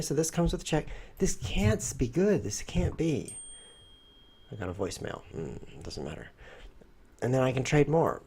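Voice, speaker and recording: A man's voice: medium pitch, dark tone, breathy edge. A man streaming a chess game, thinking aloud in a playful, rambling way. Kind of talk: live chess commentary.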